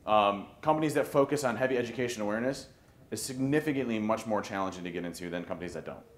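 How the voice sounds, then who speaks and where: A man giving a conference talk on social engineering, animated and joking, often restarting his sentences. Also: lowish voice, fast. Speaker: conference speaker. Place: conference hall. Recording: roomy hall with faint ambience.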